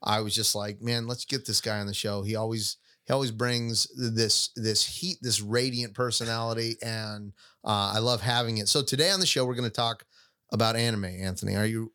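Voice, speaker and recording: A man's voice: fairly low pitch, sharp tone. A man hosting a podcast, chatting casually and joking, rambling with fillers and restarts. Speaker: podcast host.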